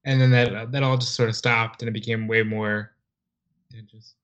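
Mid-pitched man, dull lo-fi podcast. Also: little pitch movement, moderate pace, a bit bright. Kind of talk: casual wrestling discussion.

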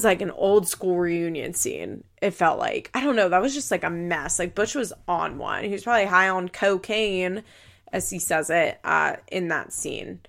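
A woman's voice: medium pitch, creaky, a bit bright. A woman hosting a podcast, chatting casually and emphatically with lots of "like" fillers while recapping a show. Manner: chatty, heavy use of "like" fillers; opinionated, emphatic. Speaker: podcast host. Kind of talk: casual reality-TV recap chat.

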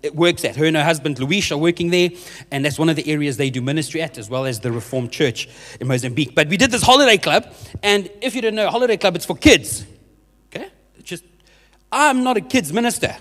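A young man, a youth minister telling a humorous testimony in a church service, animated and often laughing at himself. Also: on the high side, quick pace. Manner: animated storyteller, laughs often, self-mocking. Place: church hall with a live audience. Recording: reverberant hall sound.

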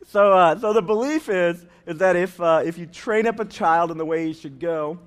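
A man's voice: high-pitched, moderate pace. A man preaching a sermon as a pastor, talking conversationally and telling funny stories to the congregation. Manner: conversational and humorous, tells anecdotes.

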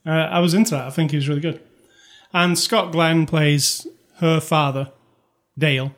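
Chatty man reviewing movies, slightly high voice. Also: steady tone, normal speed, fairly bright tone. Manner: rambling, conversational, many fillers and restarts. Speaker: podcast co-host. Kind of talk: casual movie review chat.

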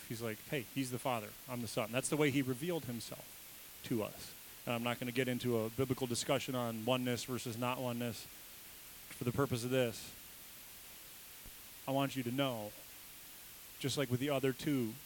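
A man's voice: mid-range voice, rough recording. Conversational male preacher, faint hiss. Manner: conversational, asks the congregation questions; acts out quoted voices with bursts of emphasis. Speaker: pastor. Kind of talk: sermon.

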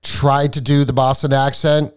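A man in his fifties with a New England accent, his voice at an ordinary middle pitch. He co-hosts a casual podcast, rambling and restarting his sentences, with the odd swear word thrown in. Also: flat delivery, moderate pace, clean tone. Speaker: podcast co-host.

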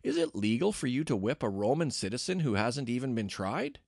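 A man voicing the apostle Paul, a bold man defending himself with earnest, forceful pleading. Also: medium pitch, sing-song, brisk, no room sound, clean studio sound. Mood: indignant.

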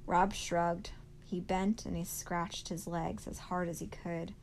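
A woman teacher reading chapters of a novel aloud at a slow, careful pace. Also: fairly low pitch, little pitch movement, slight background noise, poor audio.

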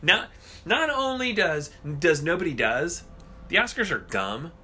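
A man co-hosting a casual podcast chat, ranting and swearing in an animated way. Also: a little high, a little slow, slightly rough.

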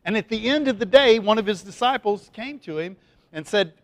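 Chatty pastor with a higher male voice. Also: expressive, a little fast, a little hiss or hum. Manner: chatty, folksy, lots of fillers and restarts. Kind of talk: conversational sermon.

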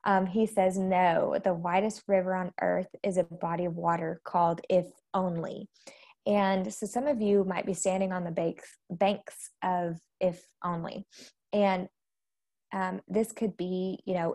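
A woman's voice: fairly low pitch, steady tone, a little slow, a little mellow. A woman hosting a live faith book study, talking candidly and chattily to her viewers, recorded on a phone or webcam. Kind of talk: casual spoken book discussion. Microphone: phone or webcam on a social live stream.

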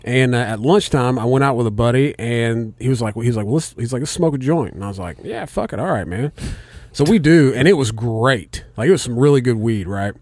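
A man's voice: mid-range voice, a little fast, hardly any pauses, a little mellow, no room sound. A man casually telling a rambling, profane story on a podcast, laughing often. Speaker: podcast co-host.

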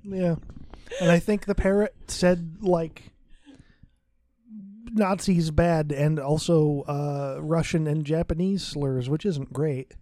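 A man's voice: a little high, fairly even intonation, slow, mellow. A man co-hosting a casual comedy podcast. He riffs with crude jokes and tells tangents. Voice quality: crude, riffing humor. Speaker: podcast co-host.

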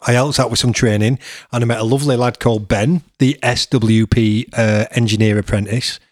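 A man's voice: mid-range voice, fairly even intonation, fairly quick, a little mellow, dry recording, clean studio sound. A middle-aged man, hosting a podcast and chatting casually with his son, laughing often. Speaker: podcast host.

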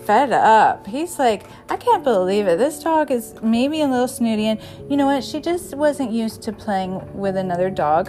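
A woman's voice: medium pitch, mellow. A woman hosting an episode, telling rambling stories in a chatty, casual way and chuckling now and then. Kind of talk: casual storytelling.

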